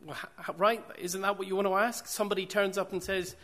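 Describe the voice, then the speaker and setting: A man's voice: high-pitched, fairly even intonation, quick pace, few pauses, fairly bright tone. A man preaching a sermon, repeating phrases for emphasis and posing rhetorical questions to the congregation.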